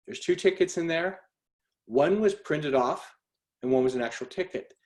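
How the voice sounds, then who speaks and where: A middle-aged man, a speaker, telling a personal story on a group call in an animated, conversational way, with many fillers and restarts. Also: on the high side, moderate pace.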